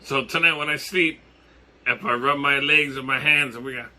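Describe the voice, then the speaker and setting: Excitable jokey man from Hawaii. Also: medium pitch, moderate pace. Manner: jokey, excitable, laughing, swearing. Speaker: vlogger. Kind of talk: casual vlog.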